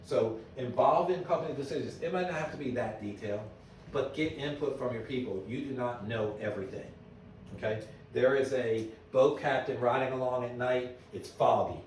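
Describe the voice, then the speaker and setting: A middle-aged business owner gives a conference presentation at a normal speed, telling stories with energy and regularly checking in with the audience. His booming voice is recorded from a distance in a very echoey hall, with a faint room hum underneath.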